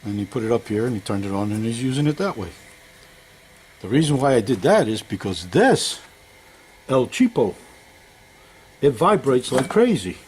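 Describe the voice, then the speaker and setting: A man's voice: medium pitch, sing-song, moderate pace, long pauses, a little mellow, husky. Folksy older man rambling in his workshop. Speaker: home mechanic vlogger. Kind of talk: casual workshop vlog.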